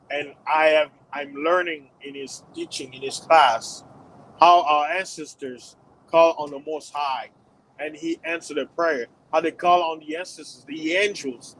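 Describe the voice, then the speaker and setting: A man's voice: a little high, a bit bright, poor audio. A man delivering a preachy religious warning monologue to his channel, repeating himself and rising to emphatic peaks. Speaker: channel host.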